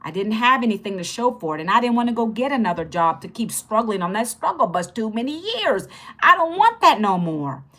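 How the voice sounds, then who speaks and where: Chatty upbeat lady on a phone livestream, bright slightly high voice, keeps saying hi to viewers. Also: very animated, fairly quick. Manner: chatty and upbeat, greets viewers, repeats phrases. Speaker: livestream host teaching online income. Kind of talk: casual livestream chat.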